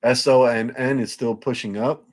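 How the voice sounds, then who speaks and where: A man's voice: mid-range voice, steady tone, normal speed, darkish tone. A man hosting a live stream in loose, profane, rambling casual chat, restarting his sentences often.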